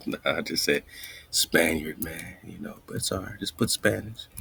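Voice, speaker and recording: A man hosting a radio show, thinking aloud as he looks up words, muttering and whispering asides to himself and reading quoted lines slowly. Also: low-pitched, gravelly, pushed and bright, slightly rough. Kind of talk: casual research talk, looking up words live.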